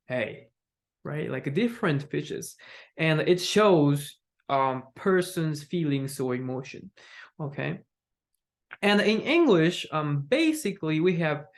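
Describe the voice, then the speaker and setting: A young adult English teacher, Japanese as first language, explaining intonation with frequent "like" and "right?" fillers and modeled example phrases. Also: mid-range voice. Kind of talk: online lesson on intonation.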